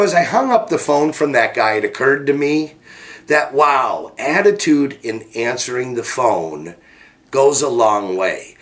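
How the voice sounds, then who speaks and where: Middle-aged business coach guy, upbeat storytelling, mid voice, gets animated. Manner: energetic, animated, jumps pitch to act out quotes. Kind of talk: motivational storytelling to camera.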